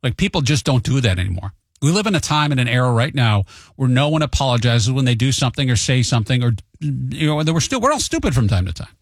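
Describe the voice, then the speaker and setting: A man's voice: medium pitch, big pitch swings, quick pace, no room sound, clean studio sound. A man hosting a talk show, telling stories in a casual monologue and raising his voice to act out the quotes. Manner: chatty storyteller, acts out quotes with a raised voice; admits he tends to be hot-headed.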